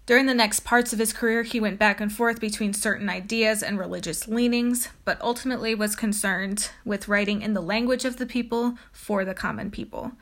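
A woman's voice: medium pitch, steady tone, brisk, hardly any pauses, a bit bright. A woman giving an informal lecture on a poet and reading a poem aloud, with frequent ums and uhs. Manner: casual, many ums and uhs. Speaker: teacher presenting a poet.

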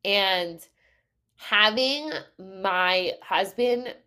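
A woman's voice: mid-range voice, very slow, pushed and bright, clear, resonant tone. A woman talks through her own story on her podcast in a loose, casual monologue. She is candid and emotional, swears freely and laughs often between her thoughts. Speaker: podcast host and business coach.

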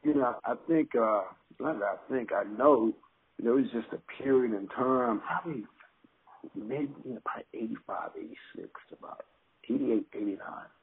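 Gravelly dude rambling and cussing, sounds like a phone call. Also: male voice, mid-range voice, moderate pace. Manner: rambling, heavy filler words, profane. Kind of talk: casual chat. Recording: tinny phone-like line with faint noise.

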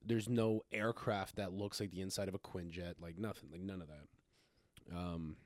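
Laid-back lower-voiced podcast guy. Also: steady tone, moderate pace, a little mellow, slight background noise. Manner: chatty, laughs a lot, heavy use of "like". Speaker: podcast co-host. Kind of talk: casual chat.

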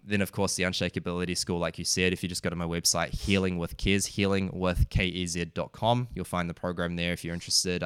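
Deep-voiced New Zealand man, casual guest. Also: a bit bright, smooth, no echo, studio quality. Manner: rambling, earnest, lots of filler words. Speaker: podcast guest, wellness coach. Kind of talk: casual podcast conversation.

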